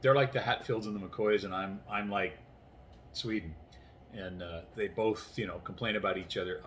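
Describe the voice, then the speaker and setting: Tired man, 60s, rambling vlog chat at home, fairly low-pitched, faint hiss behind. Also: steady tone, moderate pace, a bit bright. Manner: rambling, acts out conversations. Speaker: vlogger. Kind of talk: casual chatty storytelling. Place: inside his house, doors closed.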